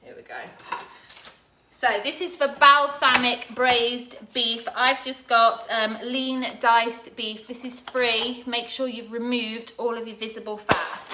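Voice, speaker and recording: A woman's voice: on the high side, pushed and bright, slight background noise. A woman hosting a live cooking stream from her home kitchen, talking casually and greeting viewers by name. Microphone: phone camera propped on the counter.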